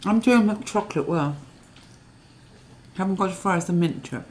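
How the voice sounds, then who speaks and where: A woman's voice: lowish voice, normal speed, darkish tone. Woman host, home cooking vlog, chatty and giggly, light background hiss. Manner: chatty, giggly, self-mocking. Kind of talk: casual kitchen vlog chat. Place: home kitchen.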